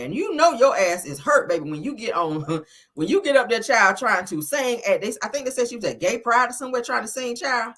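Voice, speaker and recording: Woman, gossip commentary host, brash and profane, lively swooping voice, fairly high. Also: brisk. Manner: brash, profane and animated, calls the audience "child" and "honey".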